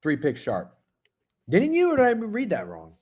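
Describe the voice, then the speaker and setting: Profane, animated man in his thirties. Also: high voice, normal speed. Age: 30s. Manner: profane, rambling, talks with mouth full at times. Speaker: sports betting show host. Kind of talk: casual livestream chat reading chat messages.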